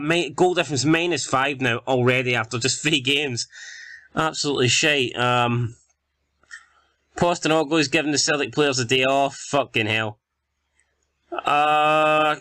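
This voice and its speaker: In a dry recording, a young adult from Scotland plays a football manager game for his YouTube channel, commentating casually and cursing in frustration at the action. He speaks at a medium pitch with a sharp tone.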